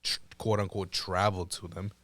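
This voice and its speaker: A man's voice: low voice, flat delivery, moderate pace, fairly bright tone, dry recording. A man co-hosting a podcast in casual chat, laid-back, trailing off into "like" and swearing freely. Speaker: podcast co-host.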